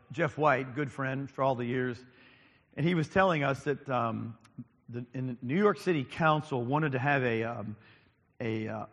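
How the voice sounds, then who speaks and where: A male pastor preaches at a mid pitch, pausing often on ums and repeating key lines for emphasis. His voice rings out through a large church sanctuary with a long, trailing reverb. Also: a bit bright. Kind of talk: sermon.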